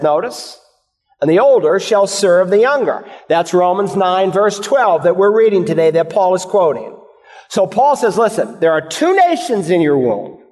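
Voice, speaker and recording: A man's voice: high-pitched, darkish tone, big-room sound. A male pastor preaching an expository sermon, posing and answering rhetorical questions for his listeners.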